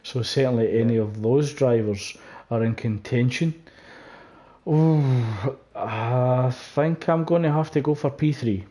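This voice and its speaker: A man with a mellow, warm tone and a mid-range pitch co-commentates on a live race stream. He speaks in a measured, polite way into a headset mic.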